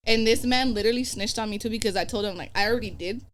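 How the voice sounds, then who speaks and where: A young woman tells a personal story on a podcast in casual, rapid-fire chat. She curses freely and slips into the voices of the people she quotes. Her delivery is animated, and she talks at a brisk pace. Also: on the high side. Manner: animated, profane, acts out quoted dialogue. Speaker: podcast guest.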